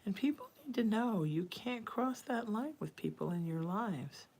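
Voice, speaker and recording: A woman's voice: mid-range voice, expressive, normal speed, a little mellow. A woman hosting a psychic livestream, chatting casually and reading viewer texts aloud. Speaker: psychic medium livestream host.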